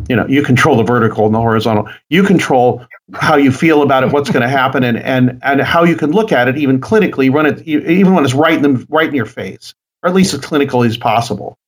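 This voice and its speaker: A man talks through an idea slowly, restarting and repeating words as he goes. His voice sits at an average pitch, and his delivery is steady and reflective. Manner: measured, repeats words while thinking. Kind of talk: conversational discussion.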